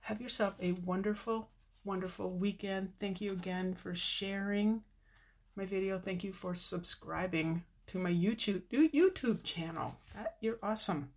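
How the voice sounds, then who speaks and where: An older woman hosting a casual live craft stream, chatting warmly with viewers, teary with a slightly stuffy nose. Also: mid-range voice, a little slow. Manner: chatty and tearful, reading viewer comments. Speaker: card-making video host.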